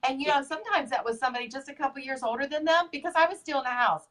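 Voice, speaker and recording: A woman's voice: sits high, animated, racing, a bit bright, distant mic, poor audio. A woman leading a motivational business talk, emphatic and fond of repeating her key points. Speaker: business leader and co-host.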